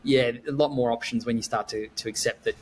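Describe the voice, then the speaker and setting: A man chats as a podcast guest, his pitch sitting in the middle range. He rambles through his stories with plenty of ums and likes and laughs often. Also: steady tone, brisk, slight background noise. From Melbourne, Australia. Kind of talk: casual interview chat.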